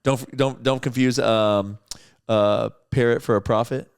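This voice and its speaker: Male co-host, smooth resonant voice, mid pitch, loose chatty delivery. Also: a little slow. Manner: relaxed, rambling with many "like"s. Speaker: podcast co-host. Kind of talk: casual chat.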